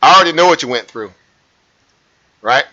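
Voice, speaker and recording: A man hosts a live trading stream, pointing out lines on a chart and asking viewers rhetorical questions. His voice is bright and pushed, set a little high. The stream audio sounds muffled and lo-fi. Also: brisk. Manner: animated, repeats himself, asks viewers rhetorical questions. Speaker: trading livestream host. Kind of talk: live market commentary over a chart.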